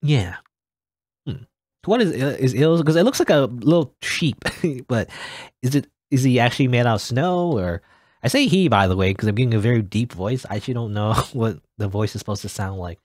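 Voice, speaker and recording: Lively, joking let's-play guy. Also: mid-range voice, fairly quick, no room sound, clean studio sound. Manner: joking asides between read-out lines. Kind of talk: casual game commentary, reading dialogue aloud.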